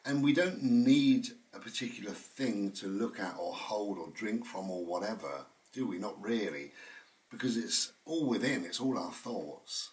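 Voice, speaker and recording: A man with a fairly low voice rambles through a reflective, chatty monologue at home, drifting between thoughts with plenty of fillers. He sits a little back from the mic. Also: measured pace, a little mellow, far from the mic. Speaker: channel host. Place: indoors at home.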